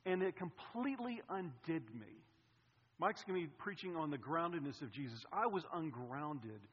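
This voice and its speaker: Animated pastor preaching in a hall. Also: male voice, fairly high pitch, breathy edge. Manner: animated, swings between loud and hushed. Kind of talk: sermon with personal story. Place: church sanctuary. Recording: reverberant hall, dull sound.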